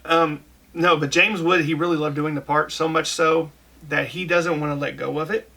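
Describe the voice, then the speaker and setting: Bright, gravelly-voiced man hosting. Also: a little high, fairly even intonation, moderate pace. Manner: researched, tells facts at length. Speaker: podcast host. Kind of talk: casual chat.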